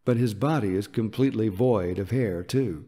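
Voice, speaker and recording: A man reads a romance audiobook softly and intimately, taking his time. His voice is fairly low, with a dark, mellow tone.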